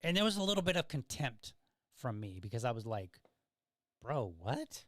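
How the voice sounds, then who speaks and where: A man's voice: mid-range voice, big pitch swings, fairly quick, dry recording, clean studio sound. A middle-aged man hosting a podcast, telling stories in a casual monologue and often checking in with "right?". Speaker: podcast host.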